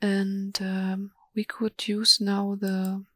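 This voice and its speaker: Female webinar presenter, halting and monotone, dry sound with mouse clicks. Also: mid-range voice, no echo. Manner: slow, hesitant, many ums and restarts. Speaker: software presenter. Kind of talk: live software demo webinar.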